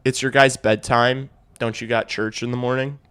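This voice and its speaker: A man's voice: mid-range voice, level tone, normal speed, fairly bright tone, clean tone. A young man hosting a hockey watch-along stream, calling the play casually, swearing freely and talking to his chat. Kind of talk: casual live play-by-play reaction.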